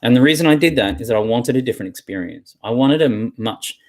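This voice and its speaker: A man's voice: medium pitch, expressive, fast. Irreverent man giving a talk. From Australia. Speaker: keynote speaker. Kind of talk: conference talk.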